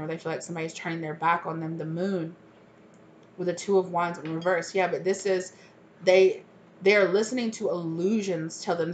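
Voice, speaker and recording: A woman with a lowish voice talks her way through a tarot spread, naming cards and musing out loud in a loose, chatty flow. A faint hiss sits under her voice. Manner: thinks aloud, calling out cards with frequent "like". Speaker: tarot reader. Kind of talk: casual tarot card reading.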